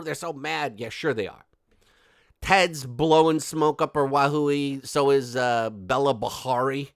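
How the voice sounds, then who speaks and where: A man hosting a gossip commentary vlog in a brash, profane way, breaking into sudden loud outbursts and chatting directly to his viewers. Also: medium pitch, no room sound. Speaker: channel host.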